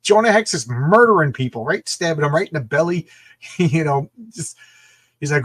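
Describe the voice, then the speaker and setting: A man chatting casually about a comic he loves, reading panels aloud and getting carried away with excitement. His voice sits a little high with a husky edge. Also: normal speed. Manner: enthusiastic, rambling, laughs and restarts often. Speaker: comic book show host.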